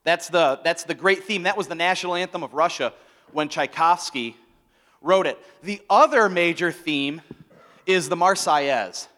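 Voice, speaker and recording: A man's voice: on the high side, normal speed. A man preaching a sermon as pastor, telling stories with animation and often restarting his words, in a church sanctuary. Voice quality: animated storytelling, frequent word restarts. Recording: echoey church hall with long reverb.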